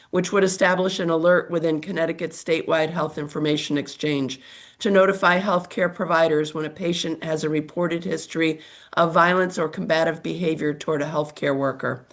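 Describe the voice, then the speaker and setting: An older woman with a scratchy, slightly low voice reads prepared testimony. She sounds formal and measured. She is heard over a remote call microphone. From United States. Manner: formal, measured reading of a statement. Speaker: testifying witness.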